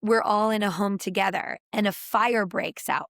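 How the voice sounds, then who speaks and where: A woman who is a podcast guest, explaining ideas in an animated, expressive conversational way. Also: medium pitch, normal speed, gravelly, dry recording, studio quality. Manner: animated and expressive, with gasps and laughs.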